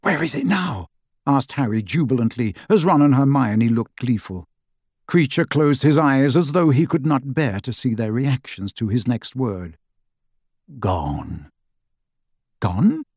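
A man's voice: medium pitch, no room sound. Male audiobook narrator, dry close voice. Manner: measured, even storytelling. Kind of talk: scripted narration.

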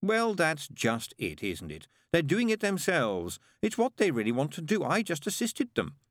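Sardonic impatient demon read by a man, snappish, very animated delivery. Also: fairly high pitch, moderate pace, no room sound, clean studio sound, voice pushed up. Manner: snappish, sarcastic.

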